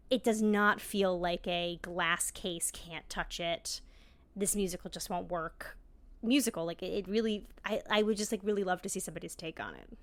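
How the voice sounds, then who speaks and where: A woman's voice: on the low side, fairly bright tone. Female podcast guest, conversational and thoughtful, filler-heavy casual speech. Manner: reflective, heavy use of "like" fillers.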